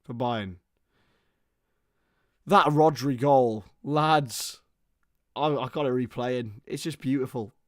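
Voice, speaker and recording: A man calls a football match live on his stream, rattling off player names and getting loud when the action heats up. He breaks off to chat with his viewers. His voice sits at a middle pitch, recorded dry and close with faint clicking behind him. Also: slow, no echo. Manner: excitable play-by-play, chatting with viewers. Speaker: host of a football watchalong stream.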